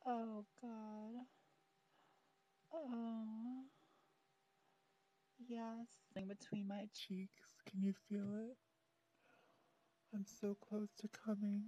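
Slow, teasing woman in intimate audio role-play. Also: medium pitch, flat delivery. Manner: slow, soft, pleading and teasing, talking straight to the listener. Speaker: audio performer. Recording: dull, dry close recording.

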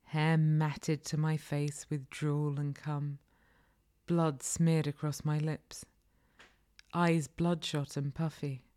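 Low, slow, breathy woman storyteller. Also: flat delivery, mellow. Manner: slow, breathy, often half-whispered. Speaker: narrator. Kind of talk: intimate first-person erotic audio story.

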